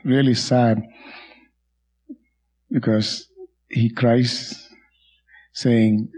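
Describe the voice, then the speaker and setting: Slow, mellow, husky man reflecting on scripture. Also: medium pitch, steady tone, rough recording. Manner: earnest, quotes scripture at length. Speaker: Bible study group member. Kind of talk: reflective group discussion. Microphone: video call.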